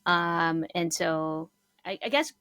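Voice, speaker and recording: A woman co-hosting a podcast, explaining psychology concepts calmly with frequent ums and short agreeing replies. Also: on the low side, slow, clean tone. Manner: calm and explanatory, many ums and short backchannels. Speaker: psychologist co-host. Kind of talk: explaining psychology in casual chat.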